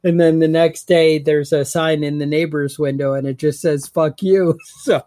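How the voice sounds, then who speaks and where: A man with a slightly high voice, chatting casually on a podcast. He rambles through stories and laughs easily. The sound is dry and close, with no room echo. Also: level tone, normal speed, warm tone. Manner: rambling storyteller, laughs often. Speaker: podcast co-host. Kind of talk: casual chat.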